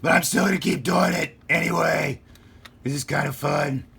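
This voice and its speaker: A man doing a brooding, boastful Batman in a playful hobby-video impression, gravelly and raised a few notches above his own voice. The growl is loud and strained, pushed out as he shows off a toy car. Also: a little high, fairly even intonation, moderate pace, pitched above the performer's own voice, full character voice. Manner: over-the-top growl while showing off a toy car. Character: gruff brooding male superhero vigilante, boastful.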